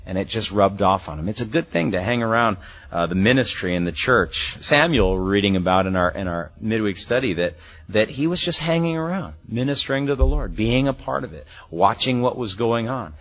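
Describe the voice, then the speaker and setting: Pastor guy teaching bible verses, kinda husky, sounds a bit muffled like an old church tape. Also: on the low side, animated, brisk, fairly bright tone. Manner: conversational, acts out quoted voices, chuckles often. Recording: muffled lo-fi sermon recording.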